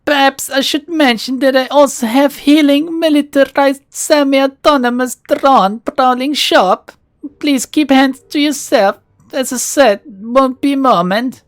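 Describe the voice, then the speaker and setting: A woman's voice: lowish voice, expressive, extremely slow, clean tone, dry recording, heavily acted. A woman voicing a polite, cultured male rigger in a video game, putting on a mock Russian accent while reading his dialogue aloud. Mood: warning.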